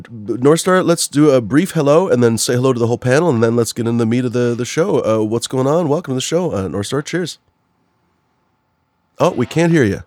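A man's voice: medium pitch, a little mellow, no room sound. A man hosting a live-streamed talk show, rambling through disclaimers with swearing and a fired-up manner. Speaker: host.

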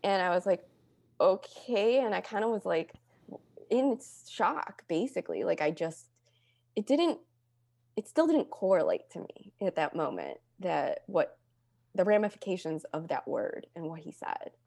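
A young adult woman telling her own story in casual talk, with deadpan jokes and lively acted-out quotes. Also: moderate pace, creaky, no echo. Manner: deadpan humor, acts out quotes with lively pitch jumps.

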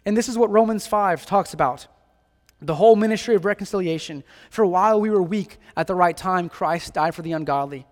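A man with a high voice preaches a sermon in an earnest, emphatic way, repeating phrases and pressing rhetorical questions. His voice carries a long reverb, as if heard in a church hall. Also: a little fast.

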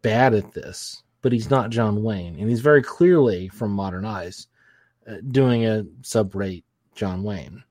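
A man co-hosting a podcast, chatting casually about old films, rambling through lots of fillers and breaking into animated mock impressions. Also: on the low side, measured pace, no echo, clean studio sound. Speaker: podcast co-host. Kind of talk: casual film-review chat.

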